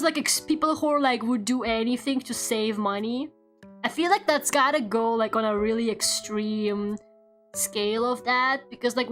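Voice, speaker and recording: A young woman streams as a VTuber and chats while drawing, her voice sitting a little high. She rambles playfully, fills her talk with "like" and swears casually. Faint music plays quietly under her voice.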